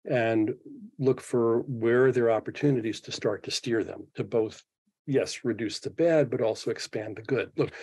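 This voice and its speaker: A podcast guest in his 70s, this man has a medium-pitched, darkish voice with a breathy edge and no room sound. He speaks reflectively in an interview, thinking aloud and restarting frequently.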